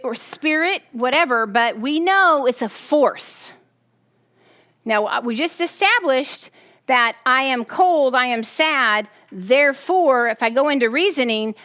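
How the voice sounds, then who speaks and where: Animated woman teaching a sermon. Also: sits high. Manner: animated, checks in with the audience.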